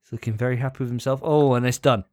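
A man's voice: mid-range voice, racing. A man co-hosting a casual podcast, bantering and swearing while his friends take shots. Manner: banter-heavy, swearing, animated. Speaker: podcast co-host. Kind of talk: casual drinking-game chat.

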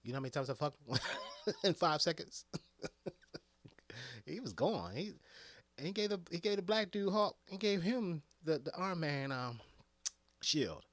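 Animated man ranting, pitch jumping everywhere. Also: unhurried, pauses often, no room sound. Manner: animated, profane, swings from hushed to shouting. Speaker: EMT giving movie reactions. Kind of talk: casual rant to camera.

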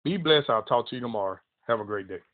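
A man's voice: medium pitch, animated, fast talker. A man preaching a broadcast sermon, emphatic and repetitive as he quotes scripture. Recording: tinny phone-line audio.

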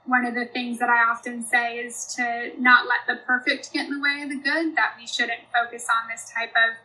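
A woman's voice: fairly high pitch, level tone, moderate pace, pushed and bright, rough recording. A young American woman with a slight Australian tinge, talking earnestly as a consultant guest on a podcast, often saying "you know" and "um". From United States. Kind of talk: podcast interview.

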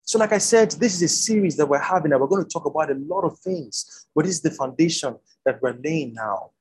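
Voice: mid-range voice, fairly quick, darkish tone, breathy edge, poor audio. A preacher giving an online Bible teaching over a video call, repeating key words for emphasis.

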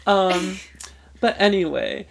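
A man's voice: sits high, slow pace, vocal fry. A young man in his twenties co-hosting a podcast, telling a long story in casual chat, filled with "like" and swearing. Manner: rambling, full of "like" fillers and swearing. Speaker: podcast co-host.

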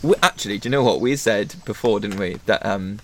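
A man's voice: on the low side, a little fast, a bit bright. Man, casual chat, rambling, restarts sentences, acts out little quotes, faint background noise. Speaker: podcast co-host, forest school leader.

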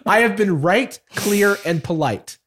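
Husky chatbot read by a man, high-ish, stubborn, passive-aggressive. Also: expressive, measured pace, fairly bright tone, exaggerated voice. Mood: assertive. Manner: polite phrasing with mounting insistence, read aloud. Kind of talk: dramatic reading of a chat log.

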